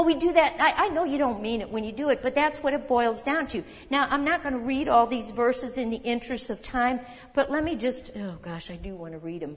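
A woman preaching a sermon in a conversational, emphatic way, with quick asides and self-corrections. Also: high-pitched. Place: church hall. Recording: long hall reverb.

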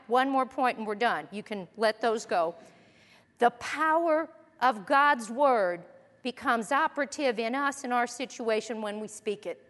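A woman preacher delivering an emphatic sermon and reading scripture aloud. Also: on the high side. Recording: long hall reverb.

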